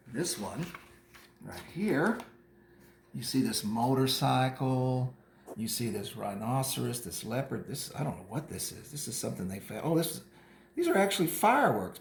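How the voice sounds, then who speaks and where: A man's voice: mid-range voice, vocal fry, roomy sound, a little hiss or hum. A man teaching an art lesson to children, chatting them through each step of a craft project. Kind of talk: casual art lesson demonstration for kids.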